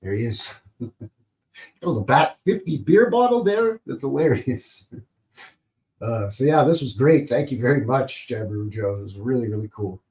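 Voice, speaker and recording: A man's voice: medium pitch, expressive, normal speed, a little mellow. A Canadian man hosting a casual livestream, rambling and enthusiastic, often chuckling. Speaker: livestream host. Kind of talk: casual live-show chat.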